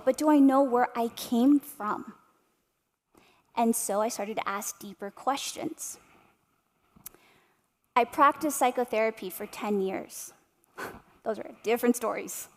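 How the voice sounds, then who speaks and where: A woman's voice: a little high, big-room sound. A woman in her thirties giving an inspirational keynote to a live audience, speaking passionately and asking them rhetorical questions. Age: 30s. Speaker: motivational speaker.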